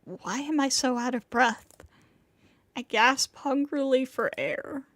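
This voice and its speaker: In a high, fairly bright voice with no echo, a woman reads slowly as a flustered young male student. His first-person inner monologue comes across as bewildered and rambling.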